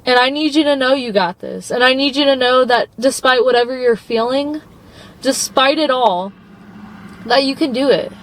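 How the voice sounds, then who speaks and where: A woman's voice: high-pitched, moderate pace, a bit bright, rough recording. A young woman vlogger giving an earnest, encouraging motivational talk to her phone camera, calling viewers babe. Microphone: phone propped up.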